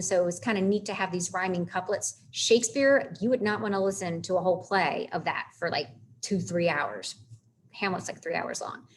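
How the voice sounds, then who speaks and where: A woman's voice: mid-range voice, a little hiss or hum. Chatty woman teaching a literature lesson. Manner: chatty, animated, reads verse aloud with stresses. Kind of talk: casual classroom lecture on literature.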